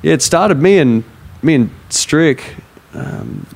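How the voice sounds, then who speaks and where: A young man with an Australian accent, hosting a casual chat, animated and quick to laugh. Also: a little high, creaky, slightly rough. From far north Queensland, Australia. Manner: animated, laughs easily, acts out voices.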